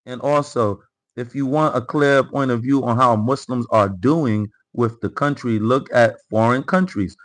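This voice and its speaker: On a live political commentary stream, a male host with a mid-range, slightly slow voice reads chat comments aloud, repeats phrases, and addresses his viewers directly. The recording is rough.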